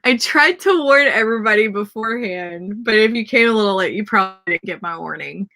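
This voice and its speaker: A Southern-accented woman hosts a laid-back livestream writing sprint, chatting away and cheering on her viewers' word counts and comments. Her mid-range voice has lively intonation, a sharp edge, and a slightly quick pace.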